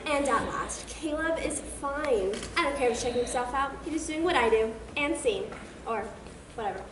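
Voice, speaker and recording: A woman's voice: high-pitched, lively intonation, moderate pace, echoey room, heavy background noise. A teenage girl acting on stage as a teen who brushes things off in an offhand way. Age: teens. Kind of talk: stage monologue. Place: school theater stage. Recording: distant stage audio with loud crowd.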